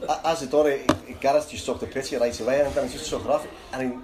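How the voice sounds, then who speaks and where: A man's voice: mid-range voice, fairly even intonation, fast, noisy background. A man with a Liverpool accent telling a long rambling story, laughing and restarting as he goes. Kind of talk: casual anecdote. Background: crowd chatter.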